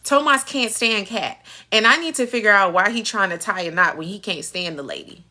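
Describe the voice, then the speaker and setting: Animated, sassy woman live-streaming. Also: mid-range voice, normal speed, few pauses. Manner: animated and sassy, laughing and mimicking characters. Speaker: host of a live soap-opera recap stream. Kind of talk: casual live-stream commentary.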